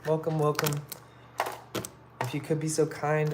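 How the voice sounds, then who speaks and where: A man chatting casually on a live stream while he builds art pieces, rambling in a relaxed way with lots of fillers. He talks into a phone in an indoor workspace. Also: a little high, a little slow, heavy background noise. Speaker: livestreaming artist.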